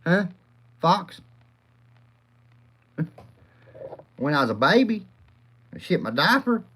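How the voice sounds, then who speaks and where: A man's voice: sits high, very animated, slow, fairly bright tone, husky. A man hosting a rambling, profane live chat, often laughing and calling out viewers by name. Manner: crude, profane, rowdy, laughs a lot. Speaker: livestream host.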